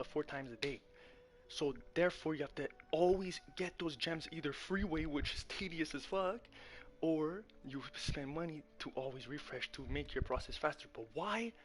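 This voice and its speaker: A man's voice: mid-range voice, a bit bright. A man hosting a gaming channel, ranting in a heated, profane way, calling the viewer bro and often correcting himself mid-sentence. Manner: rambling with frequent self-corrections.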